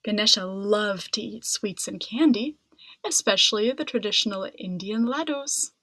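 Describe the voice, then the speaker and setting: A woman reading a children's picture book aloud in an expressive, dramatic way. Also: medium pitch, moderate pace, no room sound. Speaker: storybook reader. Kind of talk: children's storybook read-aloud.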